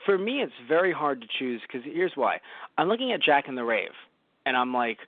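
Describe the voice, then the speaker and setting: A man's voice: medium pitch, very animated, a little fast, no echo. A man co-hosting a podcast, reviewing a show in rambling casual chat with a lot of swearing. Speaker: podcast co-host. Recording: dry, phone-like narrow audio.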